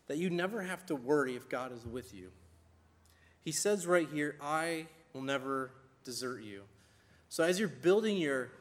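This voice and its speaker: A man preaching a sermon with emphasis, slowing down to stress the scripture he quotes. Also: medium pitch, fairly bright tone. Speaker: pastor. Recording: long hall reverb.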